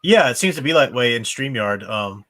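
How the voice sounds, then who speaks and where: A man's voice: medium pitch, animated, normal speed, fairly bright tone. Chatty man hosting a book stream. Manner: chatty, frequent restarts and laughs. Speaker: book club livestream host. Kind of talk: casual livestream chat.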